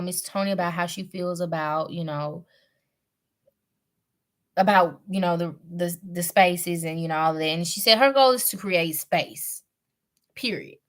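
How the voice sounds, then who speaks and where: A young woman giving a casual live recap, chatty and slangy with lots of fillers, clearing her throat from a cough. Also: medium pitch, a bit bright. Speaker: show reviewer.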